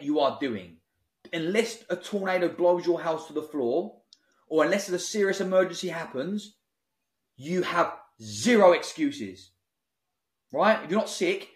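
A man lays out his advice bluntly and forcefully, preaching as a podcast guest. His voice sits a little high for a man. The room around him rings with a clear echo. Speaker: app founder guest. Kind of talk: podcast interview. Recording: roomy echo.

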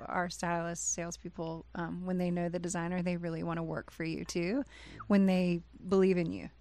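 A woman's voice: fairly low pitch, flat delivery, dry recording. Woman, interview host, casual, laughs often, dry close sound. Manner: warm reactions, laughs often, quick follow-up questions.

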